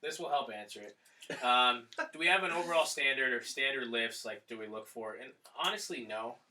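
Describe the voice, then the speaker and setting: A man's voice: mid-range voice, moderate pace, recorded from a distance, poor audio. A man who coaches athletes, hosting a podcast and talking casually with fillers and restarts. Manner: relaxed, rambling with fillers. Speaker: strength coach and podcast host.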